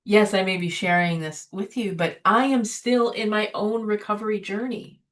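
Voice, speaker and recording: A woman's voice: medium pitch, fairly even intonation, normal speed, fairly bright tone. A woman hosting a spiritual recovery webinar in a casual, conversational way, often asking "right?" and adding "you know" as she talks. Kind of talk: informal spiritual webinar talk. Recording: voice somewhat distant from the mic.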